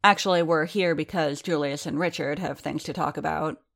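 A woman voicing an earnest, cheerful young gentleman in an audiobook, speaking in a hesitant, hopeful way with words tumbling out. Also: deep voice, steady tone, moderate pace, vocal fry, heavily acted. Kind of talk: audiobook character voice.

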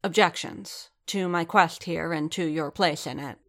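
A woman's voice: low-pitched, a little slow, fairly bright tone. A woman doing a cool, scornful warrior leader. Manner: cool, mocking, lecturing. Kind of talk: storybook reading.

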